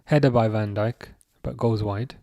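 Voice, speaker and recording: A man's voice: on the low side, fairly even intonation, measured pace, warm tone, no room sound. A young man hosting a live stream, reading viewer chat aloud and answering in a chatty, self-correcting way. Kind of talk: casual live chat commentary.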